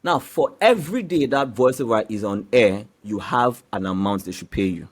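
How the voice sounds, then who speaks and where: Animated man explaining. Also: fairly low pitch, moderate pace. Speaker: voiceover artist guest. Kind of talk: casual interview chat.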